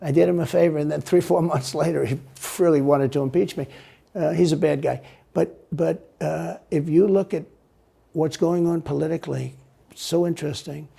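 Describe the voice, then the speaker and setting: A man's voice: on the high side, steady tone, normal speed, creaky, warm tone, slightly rough. A man speaking as an interview guest, rambling and repeating himself with a boastful tone. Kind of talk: played interview clip.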